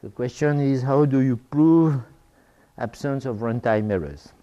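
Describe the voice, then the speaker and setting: Heard through a muffled recording, an older Frenchman delivers an academic talk in English in a medium-pitched voice with a dark tone. His speech is halting, peppered with fillers and fresh starts.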